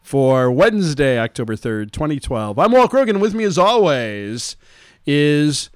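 A man's voice: fairly high pitch, very animated, unhurried, clean tone, no room sound, clean studio sound. A man co-hosting a podcast in casual chat, joking around and laughing often. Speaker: podcast co-host.

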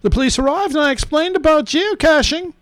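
Halting, teasing man in a dry, close recording. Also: extremely high pitch, a bit bright, no echo. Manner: halting, with fillers and laughs, teasing. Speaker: podcast co-host reading a story. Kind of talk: casual chat.

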